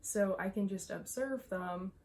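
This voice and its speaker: A young adult woman talking to camera as a mindset coach, slightly out of breath, emphatic and quick to laugh. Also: mid-range voice, darkish tone, slight background noise. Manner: emphatic, repeats herself, laughs often. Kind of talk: casual talk to camera.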